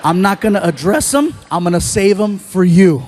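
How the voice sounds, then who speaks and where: A man's voice: high-pitched, expressive, normal speed, noisy background. A man voicing a puzzled male comedian friend who talks in a bewildered, confiding way.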